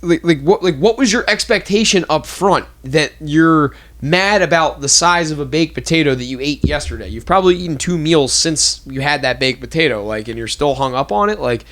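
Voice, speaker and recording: A man's voice: fairly high pitch, a bit bright. A young man, hosting a podcast and ranting loosely with lots of fillers and swearing. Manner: rambling, profane, fast ranting with many fillers. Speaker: podcast host. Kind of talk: casual chat.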